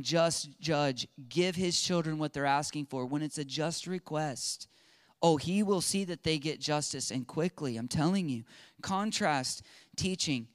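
A man preaching a sermon in an animated way, acting out quotes and swinging from loud to hushed. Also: high voice, no echo, clean studio sound. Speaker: pastor.

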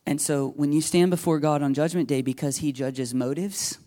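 A man's voice: fairly high pitch, normal speed, dark tone. A middle-aged man preaching a sermon in a conversational, emphatic way, acting out the voices he quotes. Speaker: pastor.

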